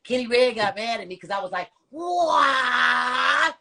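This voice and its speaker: A woman talking in a brash, profane, lively way, chatting loosely as a podcast guest. Her voice sits at an ordinary middle pitch, neither high nor low. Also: fast. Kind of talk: casual storytelling chat.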